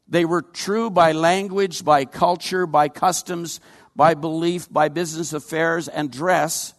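An older man delivers an earnest sermon in a somewhat high voice. He mixes scripture with folksy personal stories, and his words ring with a long hall reverb. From Canada. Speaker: pastor.

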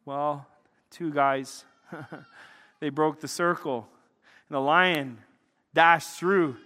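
Middle-aged male preacher, higher register, animated storyteller who goes loud then quiet; reverberant hall sound. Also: drawn-out words. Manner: animated, swings from loud excitement to hushed intensity. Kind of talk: sermon with storytelling. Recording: long reverb of a large hall.

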